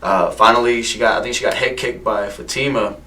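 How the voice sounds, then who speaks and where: A man's voice: medium pitch, fairly even intonation, fairly quick, pushed and bright, distant mic, rough recording. A man hosting a casual podcast chat, laughing often and stumbling over repeated words. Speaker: podcast host.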